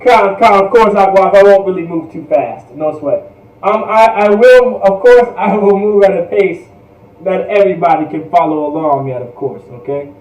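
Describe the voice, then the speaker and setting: A man teaching an online language class in a patient, repetitive way, drilling words slowly and checking "all right?" often. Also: sits high, darkish tone, roomy sound, distant mic, poor audio.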